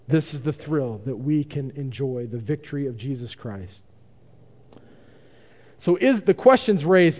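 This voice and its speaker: A pastor preaching a sermon with emphasis and repeated rhetorical questions to the congregation. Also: male voice, high-pitched, darkish tone. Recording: dull lo-fi recording in a reverberant hall.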